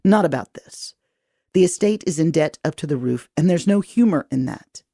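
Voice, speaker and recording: A woman's voice: sits low, expressive, normal speed, mellow, dry recording, studio quality. A woman reading the part of an aging nobleman father who lectures his daughter in a stern, weary way. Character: gruff worried aging male nobleman father.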